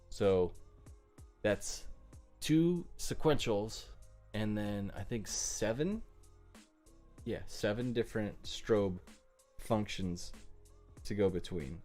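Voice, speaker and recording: A man's voice: lowish voice, a little mellow. A man hosting a live stream, chatting casually with viewers while he works. He jokes a lot and mocks his own mistakes. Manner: self-deprecating and joking, talks to chat while working. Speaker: livestream host. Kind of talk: casual live build commentary.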